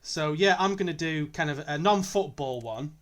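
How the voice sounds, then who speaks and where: A man's voice: fairly high pitch, normal speed, a bit bright. A man co-hosting a casual football podcast, easygoing and chatty, laughing readily. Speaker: podcast co-host.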